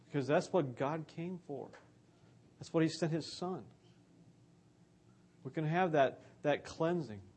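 A man's voice: fairly high pitch, measured pace, long pauses, a little mellow. A man giving an earnest, conversational sermon about scripture.

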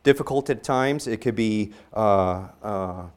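Man telling a rambling, lively church story. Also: on the low side, measured pace. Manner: rambling, many fillers and restarts; lively storytelling that rises in excitement. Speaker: church speaker. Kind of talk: storytelling talk before a scripture.

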